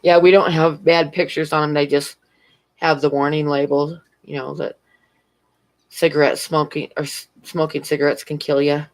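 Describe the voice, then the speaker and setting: A woman's voice: deep voice, flat delivery, normal speed, poor audio. Lady chatting on her stream at home, rambly and giggly, camera mic. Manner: rambling, chatty storyteller who laughs often. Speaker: convenience store clerk. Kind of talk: casual chat on a live stream. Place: at home, near a fish tank.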